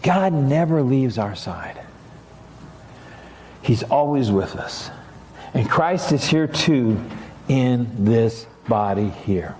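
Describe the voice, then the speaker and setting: A man's voice: mid-range voice, animated, slow pace, pauses often, a little mellow, echoey room, slight background noise. A middle-aged man, a pastor, preaching a sermon in a church sanctuary, talking casually and then rising into emphatic passages.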